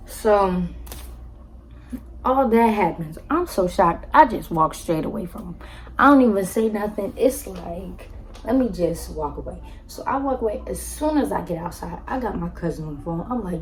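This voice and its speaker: A young woman telling a personal story to her viewers in a casual, animated way, talking to them directly and acting out what others said. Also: normal speed, slight background noise, rough recording. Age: young adult. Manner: animated, acts out quotes with jumps in pitch; addresses viewers directly as y'all. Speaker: storytime vlogger.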